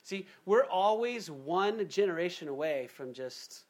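Man preaching a lively casual sermon. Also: high-pitched, measured pace. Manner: conversational, animated preaching with acted-out quotes. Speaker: pastor.

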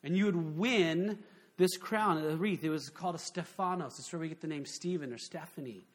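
Man, high voice, pastor preaching, conversational sermon, rhetorical questions, animated delivery. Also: moderate pace.

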